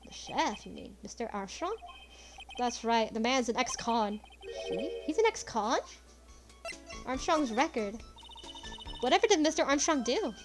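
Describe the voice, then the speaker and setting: A woman voicing a calm, polite young woman lawyer who coaxes people to talk. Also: a little high, measured pace, pauses often, over music. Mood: curious. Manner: polite, coaxing.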